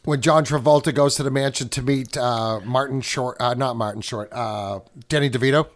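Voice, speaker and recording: A medium-pitched man with a steady tone talks at normal speed as a podcast co-host. In casual chat he rambles, corrects himself, and often reaches for movie references.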